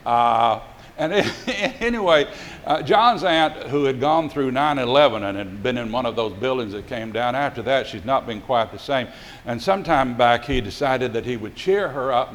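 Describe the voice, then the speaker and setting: A man's voice: mid-range voice, slight background noise. Older man, pastor, sermon storytelling, folksy, rambling, lots of fillers. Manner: folksy, rambling anecdotes with many fillers and restarts.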